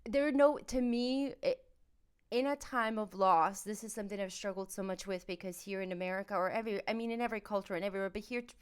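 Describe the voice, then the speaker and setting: A woman hosting a podcast conversation, searching for words in a halting, empathetic way. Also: mid-range voice, clean tone. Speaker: podcast host. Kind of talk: conversational interview.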